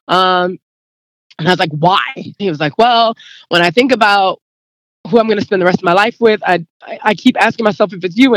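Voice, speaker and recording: A woman's voice: mid-range voice, no echo. Woman guest, emotional storyteller, voices both sides of the conversation, dry close sound. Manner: rambling, acts out quoted dialogue; emotional, near tears. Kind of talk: casual storytelling.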